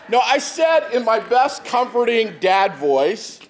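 A man's voice: extremely high pitch, sing-song, takes it slowly, hardly any pauses, a little hiss or hum. A middle-aged man, preaching a sermon as a pastor in a conversational storytelling way. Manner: conversational storytelling, asks the room "right?".

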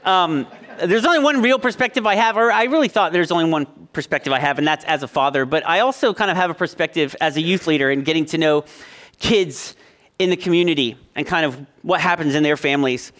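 Male youth leader, 30s, high voice; humorous sermon, self-deprecating, filler-heavy delivery. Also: fairly quick, a bit bright. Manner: self-deprecating joking, full of ums and likes.

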